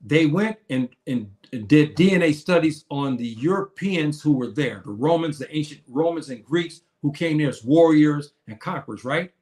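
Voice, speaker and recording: A man's voice: on the high side, animated, a little mellow. A man lecturing on a live stream, reading and answering viewers' comments with frequent restarts and hesitations. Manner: halting, many restarts, reads and answers comments. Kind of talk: live-stream teaching and chat replies.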